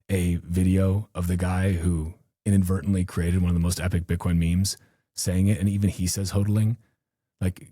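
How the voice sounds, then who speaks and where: A podcast host rambles through a loose, profane, self-mocking monologue. His voice sits deep and dark, with a husky edge. The sound is dry and close to the mic. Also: dry recording. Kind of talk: casual live-stream monologue.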